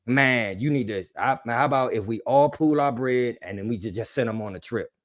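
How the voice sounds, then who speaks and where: Animated joking man, dry close mic. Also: medium pitch, brisk, no room sound. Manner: animated, joking, swings loud and soft. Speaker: podcast host. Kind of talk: casual sports chat reading live chat.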